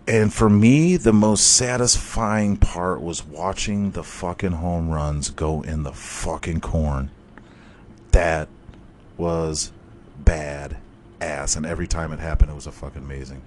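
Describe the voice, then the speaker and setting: A man hosting a podcast, telling a long story in casual, rambling talk full of swearing and excited bursts. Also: rumbling low, measured pace, slight background noise. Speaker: podcast host.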